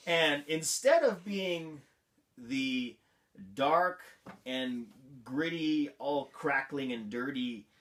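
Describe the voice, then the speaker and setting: A man's voice: on the high side, lively intonation, very slow, pauses often, a bit bright. A man hosting a vlog, giving a casual movie review in an amused, incredulous manner and laughing often. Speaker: vlog host.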